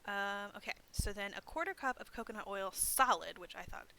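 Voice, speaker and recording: A woman's voice: mid-range voice, a little fast, vocal fry, pushed and bright, a little hiss or hum, rough recording. A young woman hosting a library craft demonstration, chatting casually and poking fun at herself, with lots of "um" and "like". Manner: chatty and self-deprecating, many fillers. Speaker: library program host.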